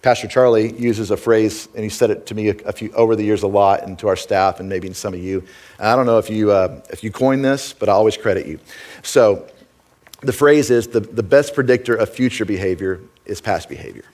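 A middle-aged man preaching from the pulpit, his voice sitting a little low. He talks in an earnest, conversational way and keeps turning to the congregation with quick asides. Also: steady tone, a little mellow. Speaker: pastor. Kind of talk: sermon.

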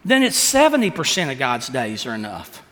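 A man preaching a sermon, asking the congregation rhetorical questions and acting out quotes with animated delivery. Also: mid-range voice, normal speed, long reverb tail. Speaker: pastor.

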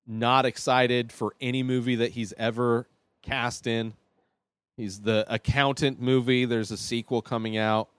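Male podcast host, casual solo rant, blunt and rambling, mid-pitched, close dry mic. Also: measured pace, clear, resonant tone, dry recording. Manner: blunt, rambling, animated asides. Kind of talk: casual opinion monologue.

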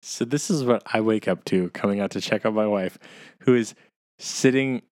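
A man's voice: fairly low pitch, moderate pace, no echo. A young man hosting a podcast, telling stories animatedly and laughing easily. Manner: animated storyteller, quotes others, laughs easily. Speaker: podcast host. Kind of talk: casual chat.

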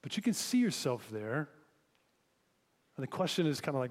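A man's voice: mid-range voice, big pitch swings, moderate pace, pauses often, in a large hall. A man preaching a sermon as pastor, in a conversational way, asking listeners reflective questions.

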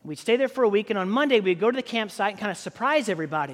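High voiced guy preaching a sermon, chatty and rambling, lots of restarts, big echoey church reverb. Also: expressive, rapid-fire. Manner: conversational storytelling with many fillers and restarts. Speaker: pastor.

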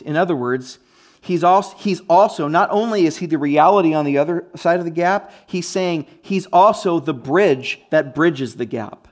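A man preaching a sermon in a conversational, emphatic way, with frequent restarts and asides. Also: fairly high pitch. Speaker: pastor.

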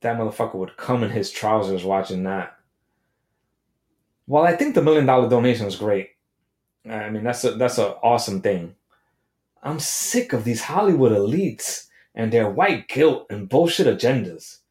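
A man's voice: fairly low pitch, animated, normal speed, a little mellow, echoey room. A man hosting a podcast, telling a comedic story in a brash, profane rant. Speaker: podcast host. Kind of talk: comedic monologue.

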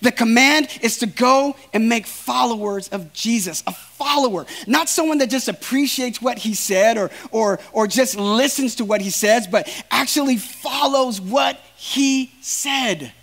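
A man's voice: extremely high pitch, unhurried, creaky, hardly any pauses, fairly bright tone. A man preaching a sermon in an earnest, emphatic way, speaking straight to his listeners.

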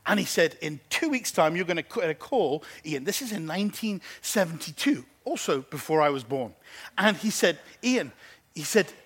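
A man preaching as pastor, telling a story and acting out the people in it, animated and lively. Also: fairly high pitch, moderate pace, slightly rough. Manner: animated, acts out phone conversations. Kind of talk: sermon storytelling. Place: church.

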